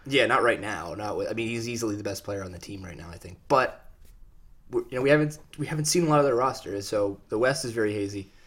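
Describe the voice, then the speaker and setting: Low-voiced male sports podcast co-host. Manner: animated, jokey banter with quick restarts. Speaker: co-host of a sports talk show. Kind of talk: casual sports chat.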